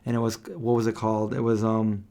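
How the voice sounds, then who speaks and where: A man's voice: fairly low pitch, flat delivery, fairly quick, warm tone. A man hosting a casual late-night live stream at home, rambling and stopping to search for names he can't remember. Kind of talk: casual chat. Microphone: desk microphone.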